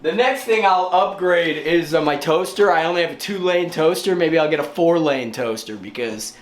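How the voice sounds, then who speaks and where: A man's voice: fairly high pitch, moderate pace. A man casually vlogging his day at home, laid-back and self-mocking, swearing now and then. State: out of breath. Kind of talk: casual vlog talk to camera. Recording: echoey room with faint noise.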